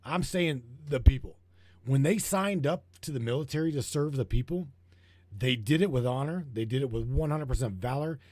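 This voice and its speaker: A man's voice: mid-range voice, moderate pace, a little mellow, no room sound. A man hosting a livestream, talking casually, stammering and rambling as he gets heated and profane. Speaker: livestream host.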